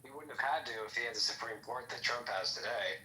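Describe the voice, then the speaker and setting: Blunt, profane man with a bright voice. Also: medium pitch, fast. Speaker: podcast host. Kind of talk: casual political chat. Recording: echoey room with faint noise.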